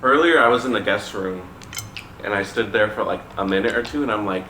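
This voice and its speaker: A man's voice: lowish voice, a little fast, bright, forceful tone. A man co-hosting a mukbang at home, chatting casually and giggling while he eats, rambling with lots of "like". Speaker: co-host of a home mukbang channel. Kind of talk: casual chat while eating. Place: at home, at the dinner table. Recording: echoey room with background noise.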